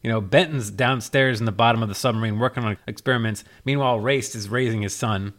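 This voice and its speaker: A laid-back man hosts a podcast in loose, casual talk, stopping often on fillers. His voice sits at an ordinary middle pitch. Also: fast talker. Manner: relaxed and chatty, with many fillers. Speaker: podcast host. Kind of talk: casual chat.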